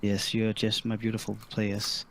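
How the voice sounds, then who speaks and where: A man running a tabletop game as dungeon master, narrating enemy moves in a relaxed, laughing, somewhat halting way. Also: fairly low pitch, crowd noise. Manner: relaxed, laughing, often hesitant.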